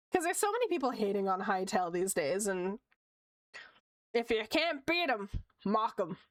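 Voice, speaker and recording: A woman's voice: medium pitch, sing-song, moderate pace, long pauses, no echo, clean studio sound. A woman streamer chatting casually, answering chat with frequent giggles.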